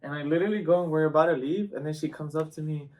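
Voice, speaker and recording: A man hosting a podcast, telling a story in casual chat with Spanish words mixed in and loud acted-out outbursts. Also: fairly high pitch, racing, recorded from a distance. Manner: animated storyteller who slips in Spanish words; acts out quoted lines with loud outbursts. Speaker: podcast host.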